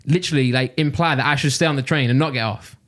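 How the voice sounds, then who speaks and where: A man's voice: mid-range voice, fast talker, fairly bright tone. A young man with a Nottingham accent, telling a rambling story on a casual podcast and laughing his way through it. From Nottingham, England. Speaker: podcast co-host.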